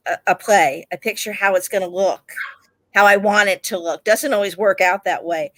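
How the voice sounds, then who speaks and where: Woman, theatre director; unhurried and reflective, bright voice. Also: medium pitch, no echo. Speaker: stage director. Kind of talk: casual interview chat.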